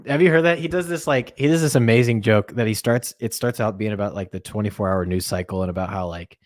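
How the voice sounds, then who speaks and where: A man's voice: fairly low pitch, quick pace, dry recording, studio quality. Rambling, jokey male podcast co-host. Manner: rambling, jokey, lots of fillers. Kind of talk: casual comedic chat.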